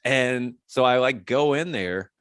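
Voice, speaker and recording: A man in his thirties, a guest chatting casually on a podcast, telling stories with lively pitch jumps when he mimics others. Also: slow pace, a crowd in the background. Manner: animated storytelling, mimics voices with pitch jumps. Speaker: guest, music writer.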